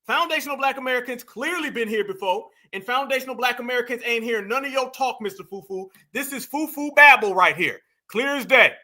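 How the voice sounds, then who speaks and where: A man's voice: extremely high pitch, fairly quick, few pauses, bright, forceful tone. A man hosting heated reaction commentary, mocking and emphatic, talking straight to his viewers. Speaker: commentary host.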